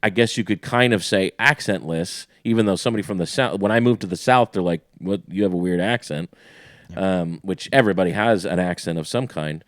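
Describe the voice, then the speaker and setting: A man's voice: low voice, brisk, no echo, clean studio sound. A man with a Midwestern American accent, chatting casually as a podcast host, rambling and restarting his thoughts. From Ohio. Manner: rambling, self-interrupting. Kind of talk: casual chat.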